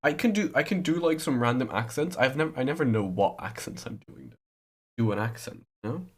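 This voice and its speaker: A man's voice: mid-range voice, lively intonation, a little fast, husky. A man chatting casually on a podcast, playful and rambling, teasing his co-host. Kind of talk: casual chat.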